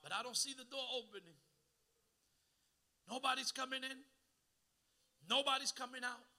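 A guest pastor delivers a sermon in a very high-pitched voice at a moderate pace, his intonation fairly even. He swings between hushed asides and shouting, calling on the congregation to respond.

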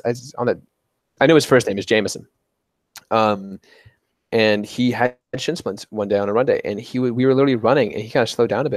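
A man's voice: on the low side, no echo. Young man telling a story casually. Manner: animated retelling with quoted dialogue. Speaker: podcast guest.

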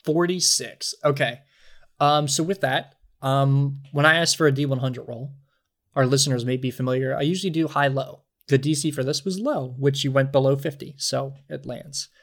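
Man narrating as game master. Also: medium pitch. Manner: descriptive, measured narration with fillers.

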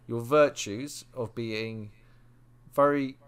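Animated male podcast co-host. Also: mid-range voice, takes it slowly, clean tone. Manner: animated storytelling, repeats words. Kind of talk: casual chat.

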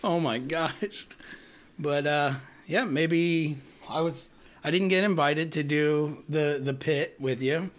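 A man hosts a laid-back podcast from a friend's home. His voice sits a little high, and he jokes and laughs easily as he talks. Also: slow, a little hiss or hum. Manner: joking, laughs often. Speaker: podcast host. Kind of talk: casual podcast chat. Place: friend's house.

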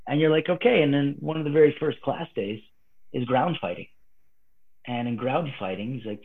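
A man, a martial arts guest, telling a story animatedly and swinging between hushed and excited delivery. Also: medium pitch, a little fast, gravelly. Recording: phone-like remote call line.

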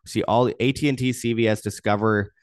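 A man's voice: on the low side, steady tone, fairly quick, no room sound, clean studio sound. A young man hosting an independent news commentary show, reading articles aloud and adding indignant, sarcastic asides.

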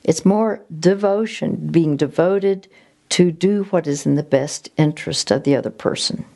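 Woman, low gravelly voice, unhurried, gentle faith testimony with halting restarts.

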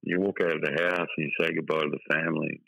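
Deep gravelly Australian man. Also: level tone, fast talker, bright, forceful tone, dry recording, poor audio. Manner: candid, repeats himself, restarts often. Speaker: football journalist guest. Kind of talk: casual podcast interview.

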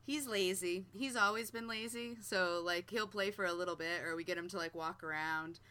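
A woman's voice: on the low side, moderate pace, bright, forceful tone, smooth. A woman chatting casually as a guest, giggling often. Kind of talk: casual chat.

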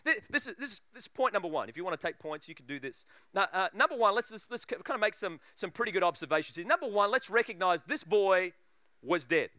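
A preacher telling a funny story in a sermon, acting out voices and laughing often. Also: male voice, sits high, animated, quick pace, bright, forceful tone, dry recording, studio quality.

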